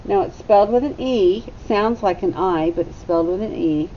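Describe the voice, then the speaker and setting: A woman teacher giving a phonics lesson to young children, sounding out letters slowly and deliberately. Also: warm tone. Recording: slightly dull recording with faint rumble.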